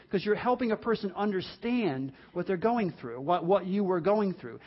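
High-pitched male pastor, chatty sermon delivery, slightly muffled recording. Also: expressive, normal speed, hardly any pauses. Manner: conversational, repeats words, acts out quoted people.

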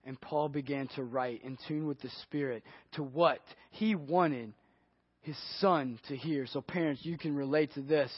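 High-voiced male pastor preaching. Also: slightly rough, no echo. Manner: earnest, swings from hushed to emphatic. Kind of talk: sermon. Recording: dry, dull lo-fi audio.

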